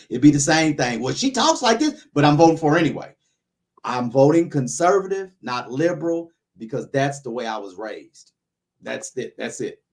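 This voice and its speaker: Male host, casual opinion chat, rambling with frequent restarts, middle pitch. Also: darkish tone. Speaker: YouTuber, podcast host.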